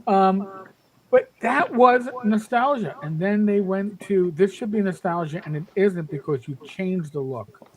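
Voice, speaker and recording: A man's voice: sits high, animated, a little slow, low-quality recording. A man in his fifties talking emphatically in a casual podcast chat, often repeating words as he starts a thought. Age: 50s. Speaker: panelist.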